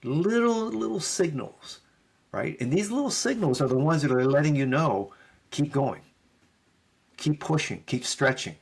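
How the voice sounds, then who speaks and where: A man's voice: medium pitch, animated, normal speed, breathy edge. A middle-aged man, a podcast guest, telling a story in conversation and acting out both sides of the dialogue.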